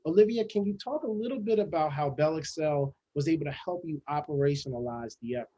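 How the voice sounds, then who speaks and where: A man's voice: a little high, fast, mellow, highs cut off. A man moderating a webinar panel, asking brief, polite questions.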